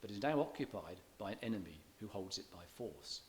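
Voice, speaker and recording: A man giving a public lecture on poetry, measured and scholarly, slowing down to read verse aloud with stressed beats and sometimes restarting his words. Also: on the low side, lively intonation, darkish tone, slight background noise. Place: church hall.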